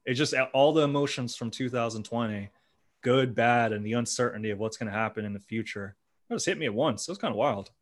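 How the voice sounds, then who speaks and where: Male podcast host, mid pitch, relaxed, quick to laugh. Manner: laid-back, laughs often. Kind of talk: casual podcast chat.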